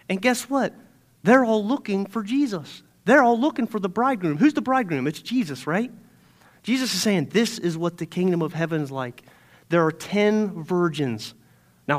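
Impassioned high-voiced male preacher. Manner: impassioned, swinging from quiet scripture reading to loud emphasis. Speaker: pastor. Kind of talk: sermon.

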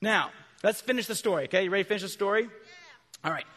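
A man preaching a children's sermon, asking his listeners questions and answering them himself, with animated bursts of loud emphasis. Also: high voice, fast talker. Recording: long reverb from a large hall.

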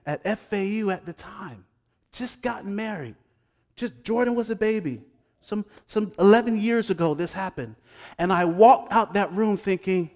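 High-voiced preacher in a reverberant hall. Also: male voice. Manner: animated, swings between hushed asides and loud exclamations; talks straight to the congregation, joking and teasing. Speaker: pastor. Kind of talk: sermon. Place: church sanctuary.

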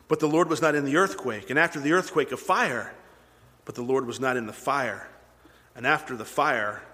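A male pastor delivers a sermon in a conversational, earnest manner, retelling scripture like a story for the people in front of him. His voice sits at an ordinary pitch for a man. A long reverb hangs on his voice in a large church hall. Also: pushed and bright.

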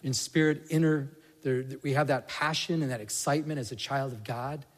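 A man's voice: medium pitch, fairly even intonation, fairly quick. A man preaching a sermon in a conversational way that builds to passionate emphasis. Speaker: pastor. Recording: reverberant hall.

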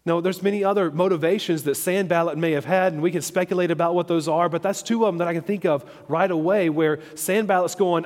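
Male preacher, a bit high-pitched, conversational Bible teaching, long hall reverb. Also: fairly even intonation, quick pace, hardly any pauses, a little mellow. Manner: conversational, checks in with "okay?" and "all right?".

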